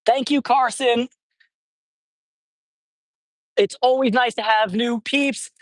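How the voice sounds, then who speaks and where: A man's voice: very high-pitched, steady tone, slow, dry recording. A young man hosting a casual livestream outdoors, playful and joking as he greets viewers. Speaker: livestream host feeding stray cats. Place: outdoors at a cat colony.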